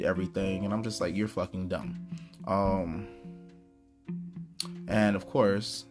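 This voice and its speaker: Blunt, profane man ranting over music. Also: fairly low pitch. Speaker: podcast host. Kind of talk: casual storytelling rant.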